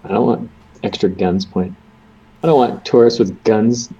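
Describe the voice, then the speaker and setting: Dark, dull-sounding man at a game table. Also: fairly low pitch, moderate pace, slight background noise. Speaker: player. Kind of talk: casual tabletop role-play.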